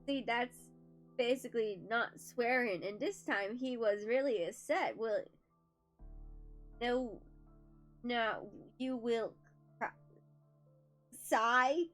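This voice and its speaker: A woman's voice: on the high side, takes it slowly, pauses often, a bit bright, faint music behind. A young woman streamer reading a story aloud for comic effect, amused and breaking into asides.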